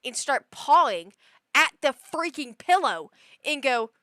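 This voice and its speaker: A woman livestreamer chatting casually, telling stories in an animated, exasperated way with lots of fillers. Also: sits high, unhurried, dry recording. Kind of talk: casual chat.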